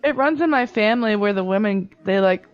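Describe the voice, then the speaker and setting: Brief: woman co-host, mid pitch, playful and teasing, slightly muffled recording. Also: soft background music. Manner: excitable, jokey, quick to tease. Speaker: podcast co-host. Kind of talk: casual chat.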